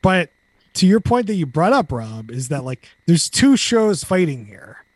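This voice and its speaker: A man's voice: fairly high pitch, sing-song, unhurried, breathy edge, dry recording. A man hosting a casual podcast chat, joking and hedging as he talks. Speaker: podcast host.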